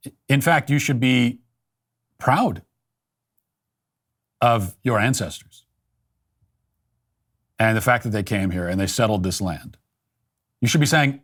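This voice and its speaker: A man's voice: medium pitch, lively intonation, normal speed, long pauses, fairly bright tone, breathy edge. An American man hosting a commentary show, talking in a sardonic, mocking way with frequent stammers and restarts. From United States. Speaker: political commentator and show host. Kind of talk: scripted commentary monologue.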